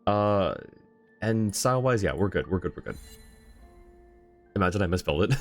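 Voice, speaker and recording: Low-voiced man chatting on a stream. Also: lively intonation, moderate pace, soft background music. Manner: effusive, thanks viewers, laughs often. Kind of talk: casual live-stream chat while gaming.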